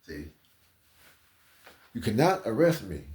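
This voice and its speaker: A man doing a deep-voiced defiant arrestee. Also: big pitch swings, slow, a little mellow. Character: man insisting he is a woman.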